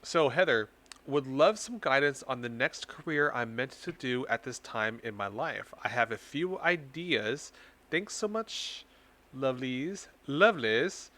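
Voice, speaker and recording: A man running a tarot reading live stream, chatting casually and teasing his viewers in a playful way. His voice sits at a middling pitch. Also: animated, measured pace, bright, forceful tone.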